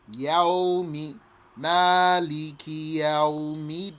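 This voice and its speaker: A man teaching pronunciation patiently, repeating each phrase slowly and sometimes chanting it. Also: high voice, fairly bright tone. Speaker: recitation teacher. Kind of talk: pronunciation lesson.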